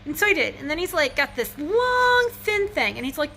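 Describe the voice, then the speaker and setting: A woman's voice: sits high, sing-song, normal speed, hardly any pauses, pushed and bright. A woman telling a rambling, self-mocking story to her phone at home, slightly wheezy, with a fan humming behind. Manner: chatty, rambling, laughs at herself. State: a little wheezy. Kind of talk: casual storytelling vlog. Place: indoors at home with a fan running. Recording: faint fan hum behind.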